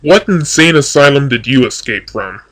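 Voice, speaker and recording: A man's voice: mid-range voice, expressive, moderate pace, noisy background. A man giving casual commentary on a video, answering its claims in a dry, sarcastic way. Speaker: YouTube commentator.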